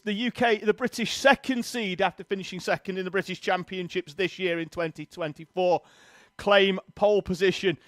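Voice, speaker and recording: A man giving brisk live play-by-play commentary on a karting race, reeling off names and grid positions. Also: sits high, a bit bright, dry recording, clean studio sound.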